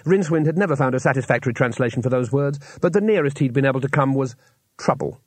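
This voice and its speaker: A man narrating an audiobook with steady, dry storytelling, recorded close on a studio mic. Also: medium pitch, quick pace, dry recording. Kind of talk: scripted narration.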